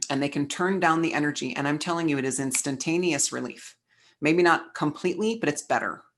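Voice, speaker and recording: A woman's voice: sits low, a little fast. A middle-aged woman giving a casual spiritual parenting masterclass, frank and chatty, with lots of fillers and restarts.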